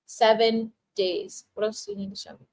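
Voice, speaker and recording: A young adult woman hosting a casual spiritual livestream, reading out viewer comments and giving tarot readings with frequent laughter and warm affirmations. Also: a little high, expressive, normal speed, gravelly, rough recording. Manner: bubbly, laughs often, emotional and affirming.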